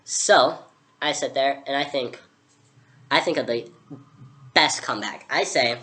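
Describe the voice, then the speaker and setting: A young woman with a very deep voice recounts her adventure in a chatty, sarcastic way. She fills her talk with casual asides. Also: a little slow, pauses often, a bit bright, slight background noise. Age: young adult. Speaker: vlogger playing Alice. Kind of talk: storytelling character vlog.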